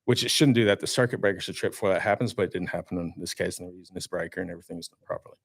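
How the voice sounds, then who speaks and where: Lively, low-voiced man in a dry studio. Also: very fast, dry recording. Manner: animated storyteller, acts out his own shouts. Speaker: guest, marine winch maker. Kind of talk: casual studio podcast chat. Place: podcast studio.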